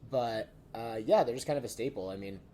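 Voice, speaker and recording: A man hosting a casual podcast chat, animated and laughing often as he explains beer terms. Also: medium pitch, brisk. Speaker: podcast host.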